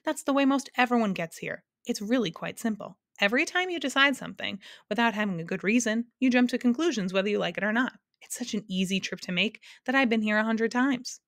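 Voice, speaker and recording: A fretful, sing-song man from a storybook who exclaims everything in a high, lifted voice, as a woman puts him on. The sound is dry and close, with no room around it. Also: animated, brisk, few pauses, fairly bright tone, no room sound. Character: fretful contradictory man on a bleak island.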